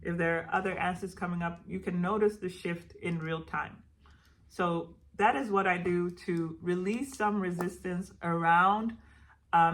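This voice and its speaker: Gentle woman guiding a self-help lesson. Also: lowish voice. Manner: relaxed, gentle, with frequent fillers and restarts. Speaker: self-help video host. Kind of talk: casual instructional talk.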